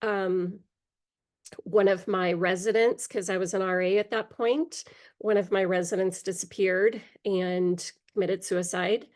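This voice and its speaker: A middle-aged woman, interviewed as a guest, tells her own life story candidly and haltingly, her middle-pitched voice broken by pauses and small fillers. Allergies make her clear her throat now and then. Her tone is steady and darkish.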